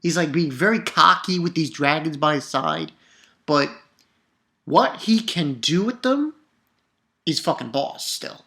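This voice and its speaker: Excitable male manga reviewer, casual and profane, prone to loud outbursts. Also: fairly high pitch, a little slow.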